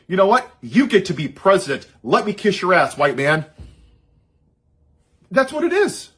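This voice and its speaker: A man's voice: high voice, fairly bright tone, husky. A man giving an impassioned, sarcastic political monologue. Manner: sarcastic, heated, mocking asides. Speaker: social media commentator.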